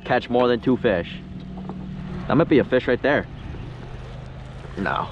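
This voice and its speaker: A young man vlogging from a kayak on a lake, talking casually and getting frustrated or excited over his catches. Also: medium pitch, unhurried, long pauses, highs cut off, a little hiss or hum. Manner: frustrated, excitable, swears mildly, says "bro". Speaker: fishing vlogger. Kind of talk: casual on-the-water vlog.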